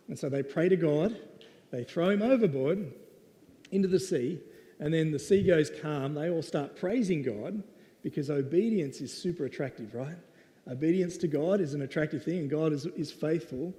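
A man's voice: on the high side, normal speed, warm tone. A man preaching a casual storytelling sermon, conversational and playful. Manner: conversational and playful, with lots of "right?". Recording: long reverb of a hall.

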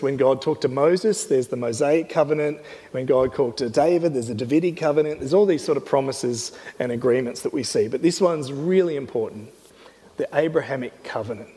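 A man giving a sermon as pastor, earnest and animated, teaching a series. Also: a little high, in a large hall. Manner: earnest, animated, often voices God in quotes.

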